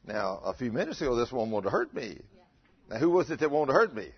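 Preacher guy, 50s, kinda husky, acting out his stories in a sermon, dull lo-fi sound. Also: medium pitch, fast talker. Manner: lively, acts out dialogue in his stories. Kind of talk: storytelling sermon. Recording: dull lo-fi recording.

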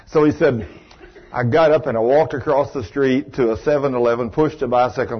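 A middle-aged man, preaching a sermon as a folksy, animated storyteller who acts out the quotes. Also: medium pitch, brisk, husky. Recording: dull lo-fi sound.

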